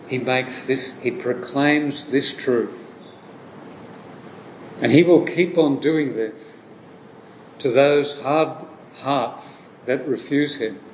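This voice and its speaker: A man delivers a sermon at an unhurried, deliberate pace, circling back over his phrases as he builds each point. His voice sits in the middle range and carries a noticeable room echo. A faint hum of background noise runs underneath. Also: medium pitch, darkish tone. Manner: slow, measured preaching with frequent repetitions and restarts. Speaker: preacher.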